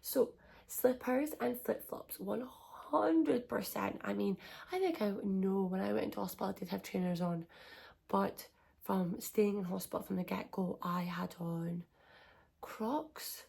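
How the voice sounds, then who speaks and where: A young woman chatting softly to camera as a parenting vlogger, giving reassuring advice, often dropping close to a whisper. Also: mid-range voice, a little slow, creaky, breathy edge. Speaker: parenting vlogger, first-time mum. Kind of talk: casual advice chat to camera.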